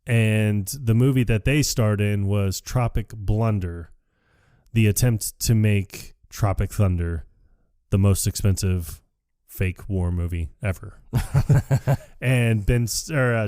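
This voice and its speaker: A man casually recapping a film on a podcast, acting out the characters' lines with animated voices. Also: fairly low pitch, slow pace, no echo, studio quality. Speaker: podcast co-host.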